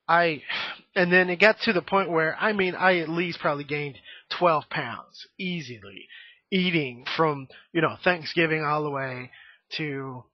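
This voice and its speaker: Guy in his 30s rambling to camera, lots of "you know", a bit high voice, muffled dry audio. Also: unhurried, no room sound. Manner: rambling, frank, many fillers and "you know". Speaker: vlogger. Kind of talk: casual monologue to camera. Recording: dry, dull lo-fi home recording.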